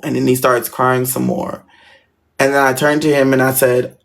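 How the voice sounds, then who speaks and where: A young man telling a long personal story in a relaxed, conversational way. He slips into the voices of the people he quotes, lifting his voice and slowing down for effect, then drops back into easy narration. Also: mid-range voice. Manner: animated, acts out quoted voices. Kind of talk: casual storytelling.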